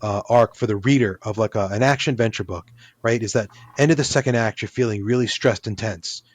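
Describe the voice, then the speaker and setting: A man's voice: lowish voice, fairly quick, no room sound. Rambling male author, dry sound. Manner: rambling, many restarts and fillers. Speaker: author guest. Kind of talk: casual interview talk.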